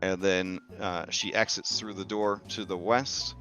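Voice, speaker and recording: A man's voice: low-pitched, fairly even intonation, a little slow, sharp tone, faint music behind. A man game master narrating a tabletop game on stream in a chatty way, full of fillers. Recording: dull lo-fi stream audio.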